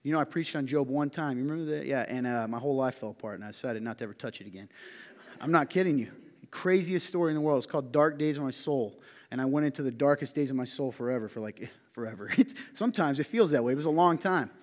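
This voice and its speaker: Southern male pastor, mid-pitched, lively sermon with jokes, sound rings in a big hall. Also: quick pace. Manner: animated, joking asides, swings from loud to hushed. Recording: reverberant hall.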